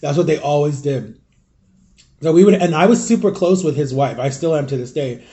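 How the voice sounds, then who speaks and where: Speaking straight to his viewers, a young male vlogger rambles through a loose, casual storytelling vlog, confiding and using plenty of fillers. His voice sits a touch higher than most men's but sounds soft and dark, and he talks fairly quickly.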